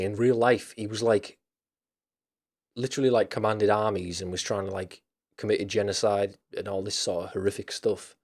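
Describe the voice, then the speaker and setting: A man hosting a casual chat stream, rambling loosely with lots of fillers, restarts and casual swearing. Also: mid-range voice.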